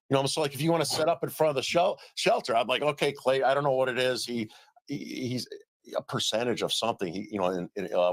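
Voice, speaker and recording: A middle-aged man, a citizen journalist guest on a casual remote interview, tells stories in an animated way and acts out the dialogue he quotes. His voice sits in the mid range, with no room sound.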